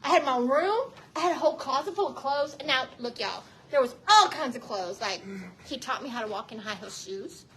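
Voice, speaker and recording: A woman's voice: high-pitched, expressive, fairly quick, noisy background. A woman in her fifties with a Southern US accent, telling her testimony to a church crowd, laughing often and talking straight to her listeners. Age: 50s. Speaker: guest speaker giving a testimony.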